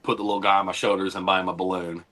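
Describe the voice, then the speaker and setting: A man with a very deep, low voice, chatting casually as a co-host. He jokes around and teases the others. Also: flat delivery, rapid-fire, bright, forceful tone. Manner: joking, teasing. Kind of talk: casual chat.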